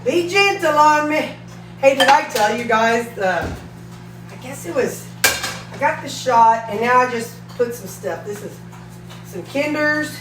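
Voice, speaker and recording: A woman's voice: fairly high pitch, expressive, unhurried, recorded from a distance, music in the background. A woman, chatting casually in a home kitchen as she cooks, folksy and talkative. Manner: chatty, folksy, talks while cooking. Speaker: weight-loss vlogger. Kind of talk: casual cooking vlog. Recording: echoey kitchen with faint sizzling.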